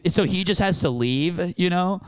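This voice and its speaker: A man's voice: high-pitched, moderate pace, clear, resonant tone, no echo. A young man on a comedy podcast, telling a story with lots of acted-out quotes in a casual chat. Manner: animated storytelling, acts out cops and himself in quoted voices.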